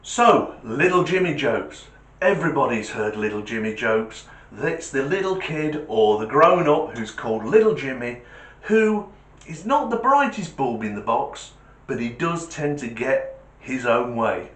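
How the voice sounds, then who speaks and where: A man with a British accent hosting a comedy channel, telling jokes as an animated storyteller who laughs at his own punchlines. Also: mid-range voice, a little slow. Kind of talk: joke telling. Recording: roomy echo.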